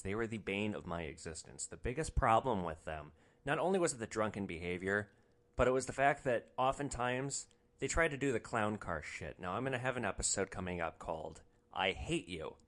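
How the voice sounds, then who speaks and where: A man's voice: lowish voice, animated, normal speed, a bit bright. A man hosting a podcast, telling his rideshare stories in a casual, sarcastic, blunt way. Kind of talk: casual storytelling.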